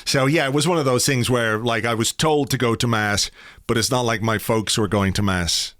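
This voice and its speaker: A man's voice: mid-range voice, moderate pace, a bit bright, no room sound, studio quality. A middle-aged man hosting a podcast, chatting casually and telling stories with playful asides. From Ireland. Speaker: podcast host. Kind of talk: casual chat.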